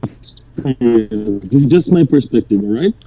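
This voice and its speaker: A man's voice: medium pitch, normal speed, faint music behind. Muffled man on a call. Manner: relaxed, mixing English and Bengali. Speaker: guest. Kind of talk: casual chat over a call. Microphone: phone on a call.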